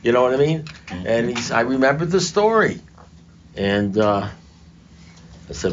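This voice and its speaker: A man's voice: medium pitch, sing-song, measured pace, pauses often, a little hiss or hum. An older man speaking at a recovery meeting, telling his story to a group in a conversational, self-mocking way, recorded in a muffled, lo-fi room.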